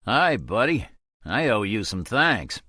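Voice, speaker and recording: A man's voice: mid-range voice, big pitch swings, moderate pace, pushed and bright, dry recording, clean studio sound, voice pushed up. A man voicing a sarcastic middle-aged male CIA agent, breezy and joking in an audiobook. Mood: wry, teasing.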